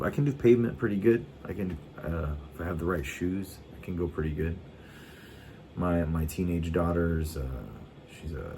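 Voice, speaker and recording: With a deep voice and noise in the background, a middle-aged vlogger from the United States rambles through stories in relaxed conversation. He swears a lot and frequently starts his sentences over.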